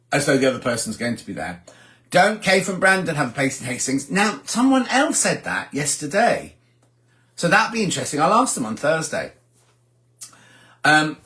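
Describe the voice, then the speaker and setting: A man's voice: on the high side, fairly bright tone. An older man, hosting a casual live chat about sewing and reading out viewer comments as he answers them. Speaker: host of a sewing livestream.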